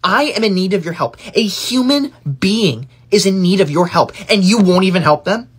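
A man's voice: sits high, lively intonation, husky. A man playing a bossy, self-righteous schoolkid, a teacher's pet who lectures others and threatens to tell the teacher. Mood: preachy. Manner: preachy, whiny, quick to threaten to tell the teacher. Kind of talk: comedy sketch acting.

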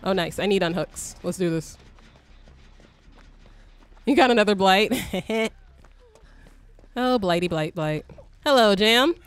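Young woman streamer, excitable live game commentary, swears, shrieks. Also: fairly low pitch, slow pace, pauses often, clear, resonant tone.

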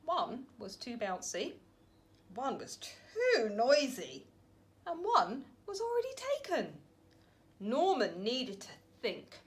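Woman, storybook reader for children, slow and unhurried, very lively sing-song pitch. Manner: gentle, expressive storytelling with dramatic pauses. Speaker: family centre worker reading to children. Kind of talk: children's storybook read-aloud.

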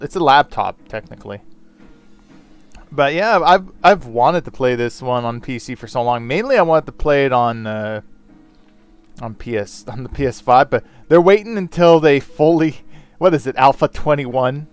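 A man's voice: medium pitch, clean tone. A man on a headset mic, rambling through casual let's-play commentary with self-deprecating jokes and casual swearing. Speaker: gaming channel host.

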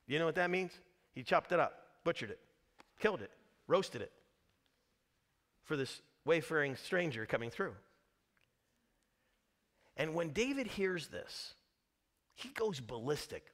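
A man pastor preaching a sermon, telling a story with lively, dramatic delivery and acted-out voices. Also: on the high side, measured pace, long pauses. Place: church.

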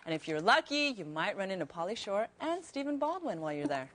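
A woman's voice: mid-range voice, very animated, fast, fairly bright tone. A woman presenting tech news headlines with bubbly, wry asides.

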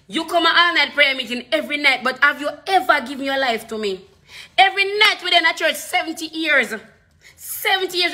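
A woman preacher with a Jamaican accent delivers a sermon with fervent, emphatic force. Her voice sits high and rings bright and forceful. She drives her points home through repetition and drifts freely between patois and standard English. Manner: impassioned, emphatic preaching with repeated phrases.

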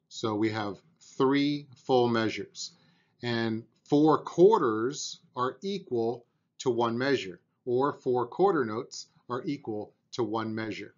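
A man's voice: mid-range voice, highs cut off. A man teaching a beginner drum lesson, patiently explaining and counting out beats aloud, with an encouraging manner.

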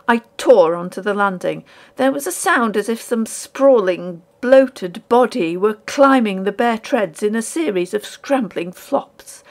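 A woman narrating a ghost story audiobook in a measured, dramatic storytelling manner. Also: medium pitch.

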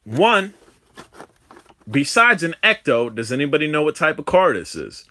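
A young man hosts a casual drone livestream, chatting with his viewers. He talks in a hyper, animated, slangy way. His voice sits a little high and comes across bright and forceful. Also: normal speed, long pauses.

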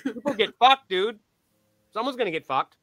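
A man's voice: high-pitched, normal speed, no echo. A man, a band member guesting on a podcast, telling a story in a loose, profane way and acting out both sides of the conversation. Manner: profane, animated, acts out dialogue. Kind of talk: casual storytelling.

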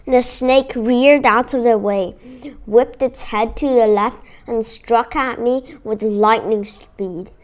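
A woman reading a children's adventure book aloud, telling it in an expressive, dramatic way. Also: fairly high pitch, slow. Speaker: audiobook reader.

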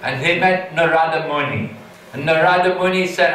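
A man's voice: fairly high pitch, moderate pace, fairly bright tone. A man, a monk, giving an earnest scriptural lecture and telling a story plainly. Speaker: monk and preacher. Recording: echoey hall, distant mic, faint noise.

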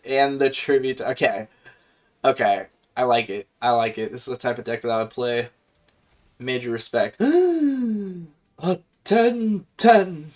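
Male gaming host, mid-pitched, loose and slangy, reacting live as he plays. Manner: chatty, slangy, excitable, thinks aloud. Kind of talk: casual live gameplay commentary.

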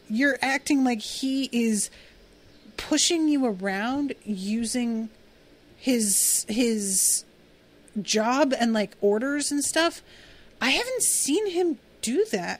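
A woman's voice: on the high side, expressive, slow. A woman talks casually as a podcast host, recapping a TV episode. She is chatty and full of fillers, and she slips into acted-out quotes of the characters.

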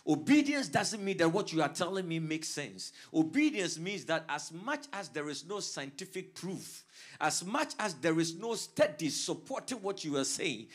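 A male pastor from Africa delivers a sermon to his congregation. His voice sits a little on the high side, and his fervent preaching swells from quiet prayer to full volume. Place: church service streamed online.

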